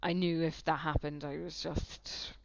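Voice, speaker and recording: Gravelly Irish woman telling a story. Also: low voice, little pitch movement, measured pace, slight background noise. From Ireland. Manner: chatty, fillers of "like", retells by quoting herself. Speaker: podcast guest. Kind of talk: casual storytelling. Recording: dull, dry lo-fi sound.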